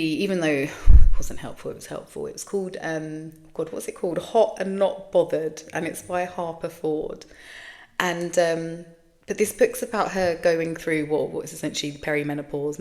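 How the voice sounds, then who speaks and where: A woman's voice: sits low, darkish tone. A British woman in her thirties hosting a podcast, talking candidly in a frank, sweary, rambling monologue. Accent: British English. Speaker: podcast host.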